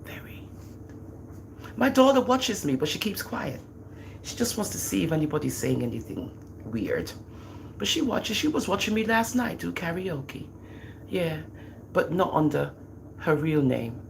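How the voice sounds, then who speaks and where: A woman's voice: on the low side, unhurried, gravelly, pauses often, a little hiss or hum. A middle-aged woman with a Jamaican accent, chatting casually on a livestream in a teasing, boastful manner. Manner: animated, teasing, boastful about her children. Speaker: livestream host.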